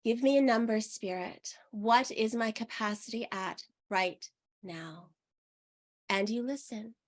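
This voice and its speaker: Woman, young adult, meditation teacher; soothing, unhurried, a touch high. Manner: slow, soothing and soft-spoken. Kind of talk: guided meditation.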